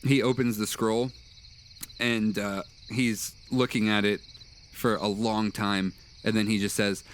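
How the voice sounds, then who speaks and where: Low-voiced man running a tabletop game. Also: little pitch movement, unhurried, slight background noise. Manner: hesitant, many uh fillers. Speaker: game master.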